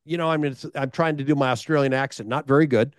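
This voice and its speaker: Animated American man telling a story. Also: medium pitch, fast, no room sound, studio quality. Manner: animated, repeats himself, rhetorical questions. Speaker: guest, sales speaker. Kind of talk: storytelling in a conversation.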